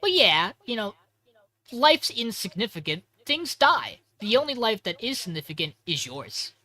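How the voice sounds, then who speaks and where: Guy doing a creepy possessed teen boy, light and high, shrugs off death like it's nothing, bright thin tone. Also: sing-song, unhurried, dry recording, heavily acted. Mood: eerily casual. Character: possessed teenage boy, coldly cheerful, unsettling.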